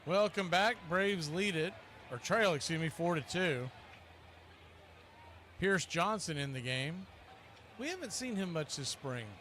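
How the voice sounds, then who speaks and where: A play-by-play announcer calls live baseball in an animated, a-bit-bright voice, going a little slow and pausing often. Wry and chatty between pitches, he corrects himself frequently, with slight background noise.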